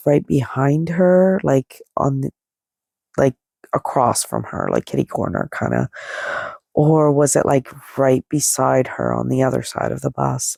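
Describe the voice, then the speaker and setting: A woman's voice: rumbling low, vocal fry, warm tone, no echo, studio quality. A middle-aged woman hosting a solo podcast who talks in a casual, rambling way. She fills her talk with "like" and other fillers and laughs lightly at herself. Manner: rambling and chatty, full of "like" and fillers. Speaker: podcast host.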